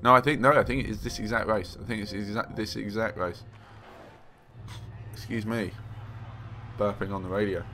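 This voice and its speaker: A man casually commentating his own racing game play, excitable, joking and rambling. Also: lowish voice, moderate pace, long pauses, soft background music, low-quality recording. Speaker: games journalist playing and commenting.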